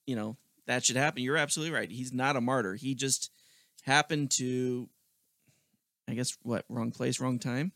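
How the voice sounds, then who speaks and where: A man's voice: medium pitch, fairly even intonation, normal speed, fairly bright tone, no room sound, studio quality. A man co-hosting a podcast, agreeing often and chatting casually, swearing now and then. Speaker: podcast co-host. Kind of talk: casual political chat.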